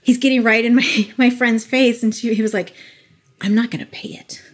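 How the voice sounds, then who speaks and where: A woman with a fairly high voice, chatting casually as a podcast co-host. She tells stories animatedly, acting out what people said, and swears freely. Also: fairly even intonation, moderate pace. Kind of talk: casual chat.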